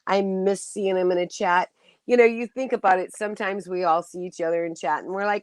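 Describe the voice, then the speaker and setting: Chatting casually on her livestream, this middle-aged host speaks at a medium pitch in a steady, brisk, smooth way, with no room sound. Warm and emotional, she laughs a lot and often starts sentences over.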